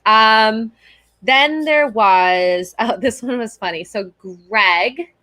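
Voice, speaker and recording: A woman's voice: on the high side, slow, sharp tone, no echo. A woman co-hosting a casual reaction chat, playful and giggly with enthusiastic asides. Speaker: co-host.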